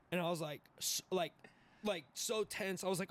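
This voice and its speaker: A young man in his twenties, a podcast guest telling a wild story in an animated, profane way, laughing and acting out the voices. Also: on the high side, brisk. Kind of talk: casual storytelling.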